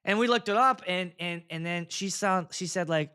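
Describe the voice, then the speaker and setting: A man's voice: high voice, normal speed, pushed and bright, smooth. A man, a DJ hosting his own show, telling a rambling, profane story. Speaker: DJ and show host. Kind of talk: casual storytelling vlog.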